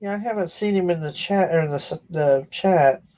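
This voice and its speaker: Giggly co-host, casual chatter, mid-pitched voice. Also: fairly quick, warm tone. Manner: chatty and giggly, laughs through anecdotes. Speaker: co-host of a daily live show. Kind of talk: casual chat.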